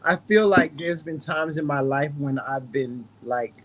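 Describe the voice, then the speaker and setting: A man's voice: on the high side, measured pace, fairly bright tone. A man with a Southern American drawl, hosting a casual conversation, earnest and often restarting his sentences. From North Carolina. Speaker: host.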